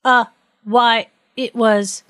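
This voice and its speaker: A woman's voice: mid-range voice, lively intonation, slow pace. A woman voicing a cowardly male judge who stammers fearfully in a read-aloud story. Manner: stammering, timid.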